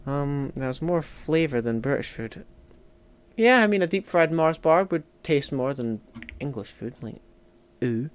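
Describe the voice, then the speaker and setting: A man's voice: on the high side, animated, a little slow, clear, resonant tone. A young Scottish man chatting casually while streaming a strategy game, reading and answering chat with joking, mock-indignant outbursts. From Scotland. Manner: chatty, jokey, swings between mumbling asides and loud mock outrage. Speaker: gaming streamer.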